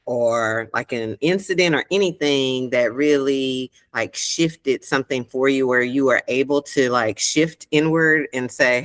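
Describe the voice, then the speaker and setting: A woman hosting a podcast interview, asking slow, searching questions and affirming her guest often. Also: extremely low pitch, a bit bright. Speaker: podcast host. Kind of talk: gentle interview conversation.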